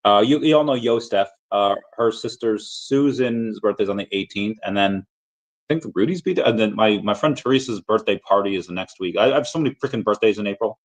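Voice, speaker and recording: A man's voice: on the low side, brisk. A man hosting a casual livestream, rambling and chatting with viewers, full of fillers and restarts. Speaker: livestream host. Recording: dull lo-fi audio.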